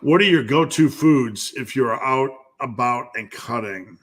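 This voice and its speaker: Answering live-stream viewers' questions, this lifting coach and host talks a little slowly in a mid-range voice with a bit of brightness. His manner is relaxed and playful, and he thinks aloud as he goes.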